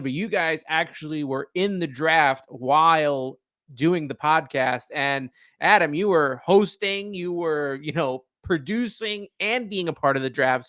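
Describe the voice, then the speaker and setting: A man's voice: a little high, a bit bright, no room sound, clean studio sound. A man co-hosting a casual sports podcast, friendly and a little teasing. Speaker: podcast co-host.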